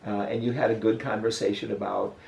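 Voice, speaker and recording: An older man interviewing a guest, telling a memory in a halting, storytelling way. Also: fairly low pitch, wildly swooping pitch, gravelly, a little mellow, a little hiss or hum. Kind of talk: casual reminiscing interview. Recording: roomy echo.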